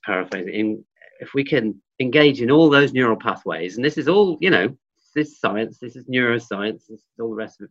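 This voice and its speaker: A man explaining ideas in a thoughtful, reflective conversational way, often pausing with ums and restarting his sentences. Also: on the low side, a bit bright. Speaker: guest, forest school trainer. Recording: dull lo-fi audio.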